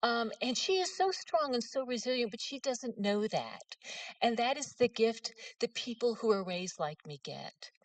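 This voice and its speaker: A woman's voice: fairly high pitch, expressive, moderate pace, no echo, far from the mic. A middle-aged woman, telling humorous, self-mocking stories in an author's talk. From West Virginia. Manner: folksy, self-mocking storyteller.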